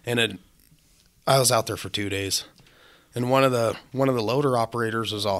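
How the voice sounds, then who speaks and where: Young welder guy on a podcast, cussing a lot, animated storyteller, regular pitch. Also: brisk. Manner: blunt, heavy swearing, animated storytelling. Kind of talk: casual podcast chat.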